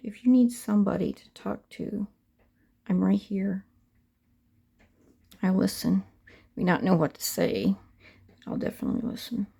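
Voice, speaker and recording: A middle-aged reborn doll artist chats with viewers in a casual crafting vlog while painting a doll, often dropping to a half-whisper as she works. Her voice is medium-pitched and dark in tone, with vocal fry.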